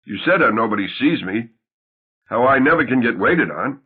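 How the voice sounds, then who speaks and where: A man voicing a shy, odd grown man who talks in a dry, self-mocking deadpan, in a tinny, phone-like recording. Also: medium pitch, normal speed, husky.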